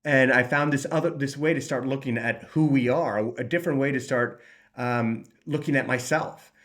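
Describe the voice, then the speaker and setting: In a mid-range, slightly bright voice at a moderate pace, a recovery channel host shares his personal story of getting out of addiction. His earnest talk wanders with frequent restarts, and he voices his own thoughts aloud like characters.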